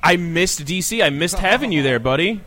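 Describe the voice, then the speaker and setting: Teasing fairly high-voiced male podcast host. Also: animated, moderate pace, background noise. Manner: teasing, sarcastic. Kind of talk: talk show hosting banter. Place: bar.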